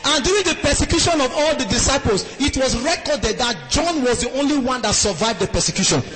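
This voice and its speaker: A man preaching a sermon in a sing-song cadence, calling on the congregation and bursting into shouts. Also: extremely high pitch, lively intonation, brisk, big-room sound, soft background music, rough recording. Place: church hall.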